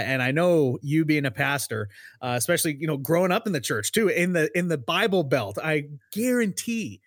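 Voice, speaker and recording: A man's voice: medium pitch, no room sound, studio quality. A man hosting a casual podcast conversation, joking and laughing easily as he asks questions. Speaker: podcast host.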